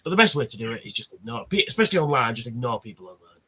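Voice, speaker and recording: Blunt, bright-voiced man. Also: mid-range voice, sing-song, very fast, slightly rough. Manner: blunt storyteller, swears freely. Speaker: livestream host. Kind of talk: casual chat.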